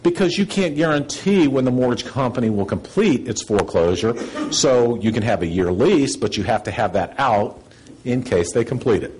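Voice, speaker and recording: A man giving a seminar lecture, blunt and sarcastic, acting out quoted questions in a higher voice. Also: lively intonation, normal speed, darkish tone, a little hiss or hum, rough recording.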